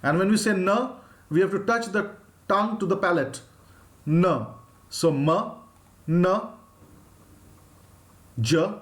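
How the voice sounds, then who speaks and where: A man with an Indian English accent, teaching a live phonics lesson and drawing out each sound slowly. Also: sits high. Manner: slow, drawn-out demonstration of sounds, reading out viewers' names.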